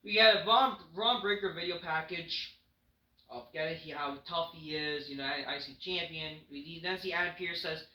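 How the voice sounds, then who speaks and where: A man's voice: fairly high pitch, normal speed, sharp tone. A man reviewing a wrestling show in a casual, profane rant, blunt and dismissive. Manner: blunt, dismissive, frequent swearing. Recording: roomy echo.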